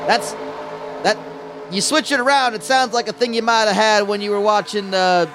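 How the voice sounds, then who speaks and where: Rambling high-voiced male race commentator. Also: steady tone, normal speed, noisy background. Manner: rambling, folksy, stumbling over words. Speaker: play-by-play commentator.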